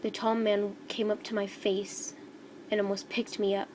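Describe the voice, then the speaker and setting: A woman reading a first-person fan story aloud in a slow, halting way over a noisy home recording. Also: mid-range voice, flat delivery.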